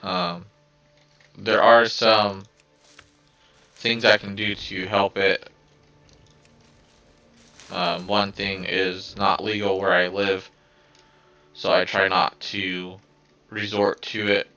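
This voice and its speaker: A man's voice: sits low, level tone, takes it slowly, long pauses, bright, forceful tone. A man with a scratchy voice talking casually to his viewers in a vlog, hesitant and full of fillers and restarts. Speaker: video creator.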